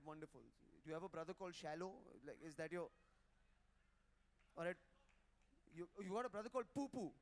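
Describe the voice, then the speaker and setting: Male stand-up, high voice, teasing crowd work at a hotel ballroom event. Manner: brash, teasing, crowd-roasting. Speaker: stand-up comedian. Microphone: handheld mic.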